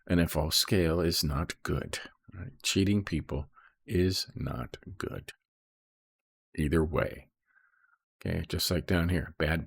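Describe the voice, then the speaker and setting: A very low, husky male voice walks through scripture verse by verse, pausing after each point to ask "okay?" or "right?". The recording is dry and close, with almost no room sound. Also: no echo. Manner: reads verses then explains, peppered with "okay?" and "right?". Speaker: Bible study teacher. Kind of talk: casual Bible commentary.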